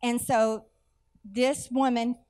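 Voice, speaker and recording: A middle-aged woman, preaching a sermon through animated personal stories with folksy asides. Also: a little high, slow, smooth. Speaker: church speaker.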